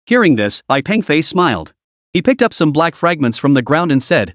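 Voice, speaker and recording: A man narrating a comic story, his pitch fairly high and moving in lively swings. The sound is close and dry, with no echo at all. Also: normal speed. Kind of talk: scripted narration of a comic recap.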